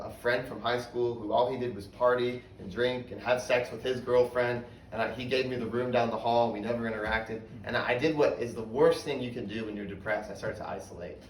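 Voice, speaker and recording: A man's voice: mid-range voice, a little hiss or hum. Man telling his story in a roomy hall. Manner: candid, storytelling, drops to a hushed voice for hard memories. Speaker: speaker giving a testimony. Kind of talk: personal testimony sermon. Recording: roomy, from a distance, faint ambience.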